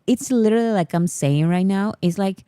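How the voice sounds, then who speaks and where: A woman's voice: mid-range voice, a little fast, mellow, smooth, no room sound, studio quality. A woman from Peru, chatting casually on a livestream and laughing often. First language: Spanish. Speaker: livestream host.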